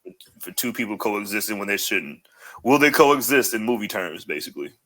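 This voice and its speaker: A man co-hosting a podcast, chiming in with quick jokes in a casual chat. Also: lowish voice, animated, bright, forceful tone. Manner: quick joking interjections, laughs often. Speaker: podcast co-host.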